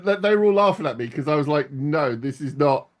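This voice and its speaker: A man with a somewhat high voice tells a story at a tabletop game session. He rambles, restarting phrases often as he works toward his point. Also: animated, quick pace. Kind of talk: casual anecdote.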